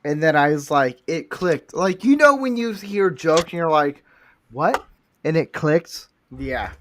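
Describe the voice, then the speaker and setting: A man's voice: on the high side, lively intonation, unhurried, fairly bright tone. A foul-mouthed man hosting a livestream, rambling in casual crude chat while he builds a Lego set. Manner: foul-mouthed, rambling, self-described redneck. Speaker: livestream host.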